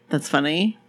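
A woman's voice: high voice, sharp tone. A woman co-hosting a podcast in casual chat, playful and teasing. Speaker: podcast co-host.

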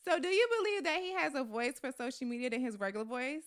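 A woman's voice: sits high, animated, quick pace, smooth. A woman co-hosting a casual podcast, speaking frankly and asking questions. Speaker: podcast co-host.

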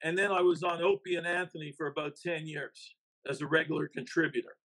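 A man's voice: fairly high pitch, steady tone, fairly quick, fairly bright tone, poor audio. A man, an investigative reporter and author, talking emphatically as a podcast guest. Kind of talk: casual podcast interview.

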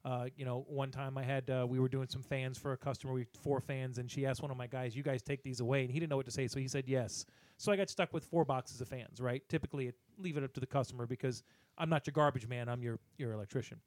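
A man co-hosting a podcast, telling a profane, animated story in a casual rant and voicing the people in it. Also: mid-range voice, quick pace, dry recording. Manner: animated, profane, acts out other people's lines. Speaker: podcast co-host.

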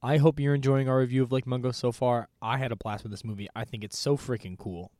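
A man co-hosting a casual podcast, exclaiming in loud disgust and swearing freely. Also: mid-range voice, steady tone, fast, no echo, clean studio sound. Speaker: podcast co-host. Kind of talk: casual chat.

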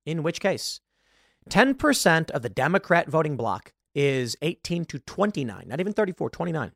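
A male host runs a political commentary monologue in an emphatic, argumentative way. His voice sits on the higher side and moves a lot in pitch. The sound is close and dry, with no room around it. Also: very animated, normal speed, vocal fry, fairly bright tone, dry recording. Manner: emphatic, argumentative, self-correcting.

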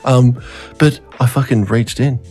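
A man's voice: medium pitch, fairly even intonation, a little slow, a little mellow, faint music behind. A man co-hosting a podcast, telling crude stories with lots of swearing and mimicking other people's voices. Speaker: podcast co-host. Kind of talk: casual crude banter.

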